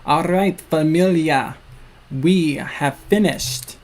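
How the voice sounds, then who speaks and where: A man's voice: on the high side, slow, darkish tone. A man hosting a comic-critique livestream, chatting casually and joking with viewers. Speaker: livestream host reading a comic.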